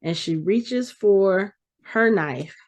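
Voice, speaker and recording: A woman's voice: mid-range voice, expressive, drawn-out words, darkish tone. A woman hosting a podcast, animatedly retelling a TV episode and acting out the characters' lines. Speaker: podcast host. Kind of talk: casual episode recap.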